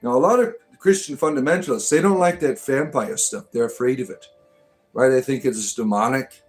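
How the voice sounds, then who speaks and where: A man's voice: mid-range voice, a little fast, soft background music. Rambling joking man reading live chat. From United States. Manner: rambling, joking, many restarts. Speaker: livestream host reading chat comments.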